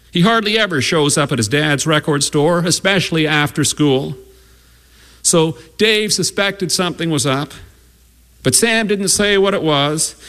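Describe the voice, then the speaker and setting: A man telling a humorous story, with a wry, animated delivery and comic pauses. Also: sits high.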